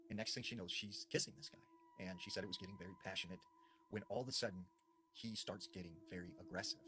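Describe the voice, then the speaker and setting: A man narrates paranormal tales in a loose, conversational way, peppering his lines with little fillers. His voice sits fairly low yet moves up and down with plenty of life. A faint noise hums under the recording. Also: a bit bright. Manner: chatty retelling with frequent fillers. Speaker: storyteller. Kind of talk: casual spoken horror storytelling.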